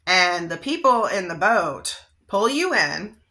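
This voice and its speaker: A woman's voice: fairly low pitch, sing-song, takes it slowly, pushed and bright. A woman tarot reader giving a casual psychic reading, talking in a rambling, conversational way with frequent check-ins and fillers.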